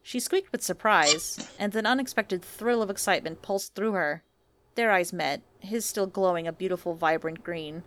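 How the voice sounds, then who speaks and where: A woman narrating romantic fan fiction in a soft, unhurried reading voice. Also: fairly low pitch.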